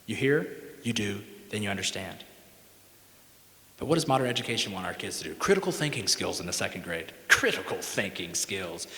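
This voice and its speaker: A man's voice: medium pitch, a bit bright. Folksy man lecturing in an echoey hall. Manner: folksy, emphatic, peppers points with "right?". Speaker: music educator giving a conference talk. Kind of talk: conference lecture with sung examples. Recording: echoey hall with long reverb.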